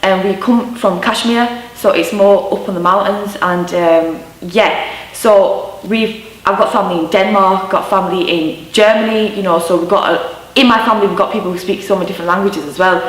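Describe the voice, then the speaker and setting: A woman's voice: medium pitch, moderate pace. A woman in her twenties with a Yorkshire accent, chatting candidly about growing up, with lots of "you know" and "um". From Yorkshire, England. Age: 20s. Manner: chatty, warm storytelling with many fillers. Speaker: interviewee. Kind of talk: candid personal recollection. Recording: roomy sound from a mic at a distance.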